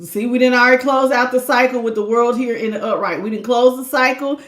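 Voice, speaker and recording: A woman's voice: fairly high pitch, fairly quick, hardly any pauses. A woman hosting a live tarot reading who greets her chat, laughs a lot and talks in a slangy, playful way. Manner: acts out imagined people's lines. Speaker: tarot reader.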